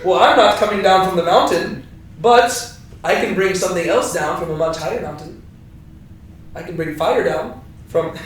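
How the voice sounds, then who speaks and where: A man's voice: high voice, normal speed, slight background noise, natural voice. Elijah, a wry mock-innocent prophet played by a man. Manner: mock-innocent, pretends to mishear. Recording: echoey room from far off.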